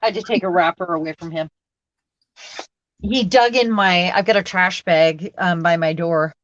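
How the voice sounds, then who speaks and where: A woman's voice: lowish voice, moderate pace, no echo. A woman chatting casually and teasing her co-host while she works on a craft project. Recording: dull dry lo-fi sound.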